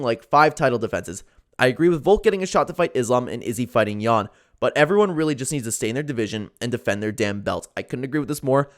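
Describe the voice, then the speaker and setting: Animated young man ranting on MMA news. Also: medium pitch. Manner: animated, opinionated, frequent fillers like "like" and "man". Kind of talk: casual commentary.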